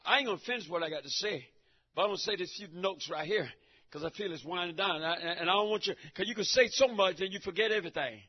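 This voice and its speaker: Male preacher, fiery sermon, high husky voice, shouts then drops low; dull lo-fi recording. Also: quick pace. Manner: shouting and dropping to a low mutter, laughing between lines.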